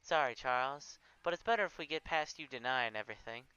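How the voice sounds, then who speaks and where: A man putting on a gentle southern warrior woman. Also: medium pitch, fairly quick, clean tone, highs cut off, lightly acted. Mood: apologetic. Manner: gentle, soothing.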